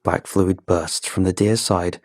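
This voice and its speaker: Low-voiced man narrating a horror story. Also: fairly even intonation, measured pace, no room sound, studio quality. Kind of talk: first-person scripted horror narration. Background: background music.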